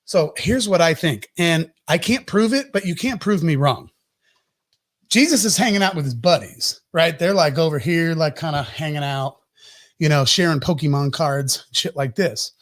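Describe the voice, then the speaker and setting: A man hosting a podcast, telling a comic story in an animated, profane rant. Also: on the high side, normal speed. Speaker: podcast host.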